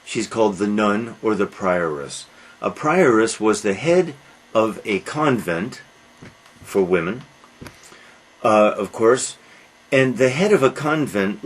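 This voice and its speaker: Slow, husky man lecturing. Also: fairly low pitch, low-quality recording. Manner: rhetorical questions answered with a dry "I don't think so"; halting, with frequent "uh" fillers and restarts. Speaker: literature lecturer. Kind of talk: classroom lecture.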